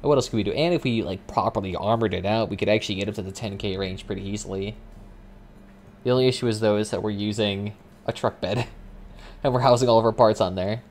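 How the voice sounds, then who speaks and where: Profane, excitable male game streamer. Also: on the low side, fast, a little hiss or hum. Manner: casual, profane, excitable reactions. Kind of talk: live gameplay commentary.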